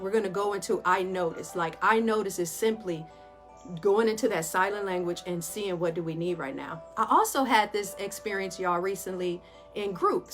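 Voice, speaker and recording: A woman's voice: medium pitch, a bit bright. Chatty woman guiding a mindfulness talk. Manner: chatty, addresses listeners as "y'all", laughs often. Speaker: therapist and yoga teacher. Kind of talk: casual guided mindfulness talk.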